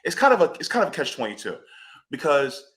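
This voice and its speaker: A man speaking on a panel discussion over a video call, animated and indignant, with loud outbursts and quiet asides. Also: on the high side, fast talker.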